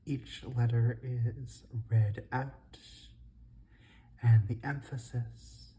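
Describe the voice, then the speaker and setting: An ASMR host softly whispering through a study session, carefully sounding out each word. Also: medium pitch, fairly even intonation, a little hiss or hum. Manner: slow, soft, carefully sounding out words.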